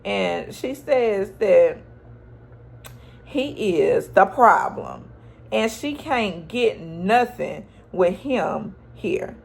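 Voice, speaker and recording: A woman's voice: mid-range voice, very animated, very slow, vocal fry, husky. A woman recapping a TV episode in chatty, slangy storytelling, acting out the characters' lines. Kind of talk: casual TV recap.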